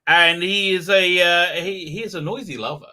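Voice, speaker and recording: A man's voice: high voice, fairly even intonation, moderate pace, pushed and bright. A middle-aged man hosting a livestream, rambling in a comic monologue with frequent giggles and fillers. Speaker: livestream host.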